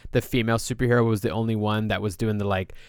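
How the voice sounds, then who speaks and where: A man's voice: fairly low pitch, steady tone, fast talker, clear, resonant tone, dry recording, studio quality. A man hosting a podcast, chatting casually and loosely with lots of filler words. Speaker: podcast host.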